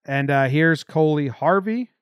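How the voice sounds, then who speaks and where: A man co-hosting a podcast in casual chat, upbeat and quick to laugh. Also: on the high side, lively intonation, smooth, dry recording, studio quality. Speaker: podcast co-host.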